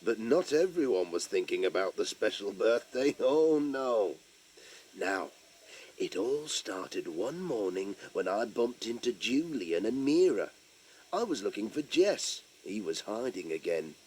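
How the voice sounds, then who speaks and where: A man's voice: fairly low pitch, sing-song, a little slow, darkish tone, husky, full character voice. An actor playing a cheerful, chatty village postman who tells a children's story and talks straight to young listeners. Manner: chirpy, chatty, addresses young listeners directly. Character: cheerful friendly village postman, adult man. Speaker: storyteller in character. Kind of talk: children's audio story narration.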